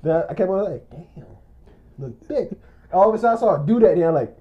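A man's voice: sits high, racing. A young man telling a long, rambling story in casual chat, often breaking into laughter. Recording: muffled lo-fi recording.

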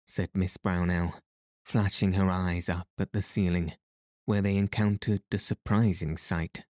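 Slow, low-voiced male audiobook narrator. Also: little pitch movement, darkish tone, no echo, clean studio sound. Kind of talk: scripted narration.

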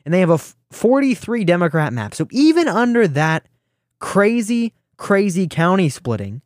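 A man's voice: mid-range voice, darkish tone, no echo, studio quality. A teenage man hosting a political talk radio show, brash and mocking. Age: teens. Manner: brash, mocking, quick asides.

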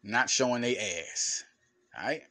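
A man hosting a solo sports podcast as a basketball analyst, talking in an animated, emphatic way with slangy phrasing and frequent stammered restarts. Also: medium pitch, measured pace. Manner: informal slangy speech, addressing fans directly. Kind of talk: casual solo podcast talk.

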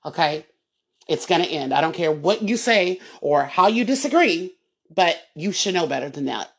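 A woman with a fairly low voice hosts a solo podcast monologue. She talks in a heated, emphatic way, and she often circles back and repeats her words. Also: expressive, moderate pace, gravelly. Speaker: podcast host.

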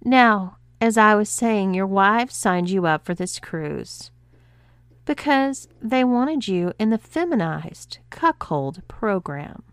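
A woman's voice: medium pitch, lively intonation, takes it slowly, clear, resonant tone, no echo, studio quality, pitched above the performer's own voice. A woman voicing a stern, commanding female cruise director who speaks with cool, controlled authority.

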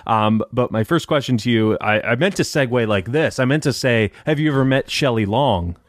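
A man hosting a casual interview, talking haltingly with many fillers and restarts. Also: mid-range voice, animated, no room sound. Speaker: podcast host.

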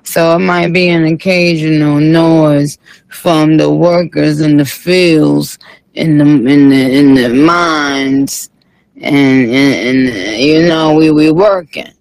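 A man's voice: on the high side, fairly even intonation, slow, creaky, no echo, poor audio. A man doing a comic impression of a sassy, tired female rap star who reads live chat comments on a late-night stream, with a drawling, profane manner.

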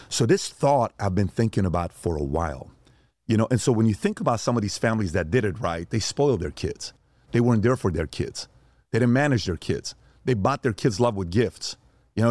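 A man's voice: fairly low pitch, a little mellow, no room sound. A man, a father, telling stories as a podcast guest and acting out the voices of the people in them. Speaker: father of young sons. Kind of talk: animated storytelling.

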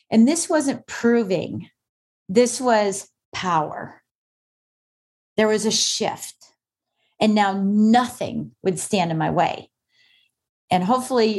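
In a conversational podcast interview, the guest, a woman author, recounts her personal story with emphatic, straightforward conviction. She speaks in a mid-range voice that has a somewhat dark tone.

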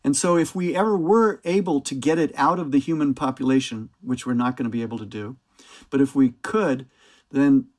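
A man, an author, explaining science in a measured way during a talk to a book club. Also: medium pitch, a little mellow.

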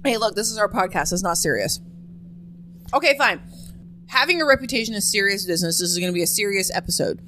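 A woman co-hosting a podcast in a teasing, sarcastic banter. Her voice is bright and sharp, and her pitch swings widely as she jokes. She keeps the talk casual and playful. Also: expressive, fast, a little hiss or hum. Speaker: podcast co-host. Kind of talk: casual chat.

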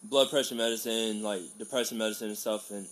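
A man in casual conversation, telling stories in an animated way. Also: on the low side. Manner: animated storyteller, quick to laugh. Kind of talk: casual chat.

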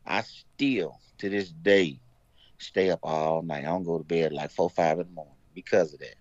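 A man's voice: sits low, moderate pace, no echo, lo-fi sound. A man, a veteran guest on a podcast, telling stories in casual chat and acting out the dialogue. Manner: animated storyteller, acts out dialogue.

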